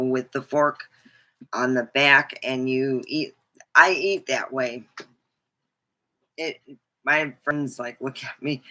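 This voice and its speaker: A woman hosting her own livestream, talking slowly and wandering from one thought to the next. Her voice is bright and a little sharp, and her speech is frank and peppered with casual curses. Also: sits low. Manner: rambling, frank and profane. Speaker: host.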